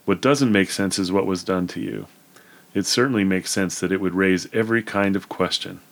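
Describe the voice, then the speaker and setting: A man reading aloud the lines of a gentle bishop in a calm, reassuring way. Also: deep voice, moderate pace.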